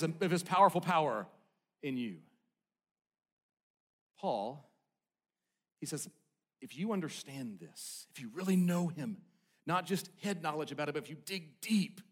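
A middle-aged man preaching a sermon with a somewhat high voice. He tells stories in a lively way, then drops to a hushed tone. His delivery moves between loud outbursts and quiet, intimate lines. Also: moderate pace, pauses often. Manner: storytelling with wide swings between loud and hushed. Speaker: pastor.

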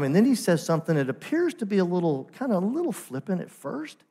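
A man's voice: sits high, sing-song, quick pace, dark tone, husky. A man preaching a sermon as pastor, emphatic, asking rhetorical questions and repeating phrases for emphasis.

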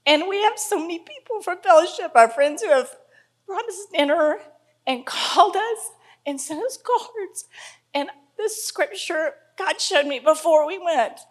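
A woman with a high voice gives her testimony in church. She is crying, and her words come out halting and emotional. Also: lively intonation. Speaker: congregation member giving testimony.

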